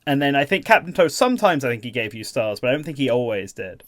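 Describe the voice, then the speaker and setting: Bright, playful man on a podcast. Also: medium pitch, very animated, fast. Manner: playful, laughs a lot, knowledgeable. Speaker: podcast co-host and quiz player. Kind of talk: casual podcast chat. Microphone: video call.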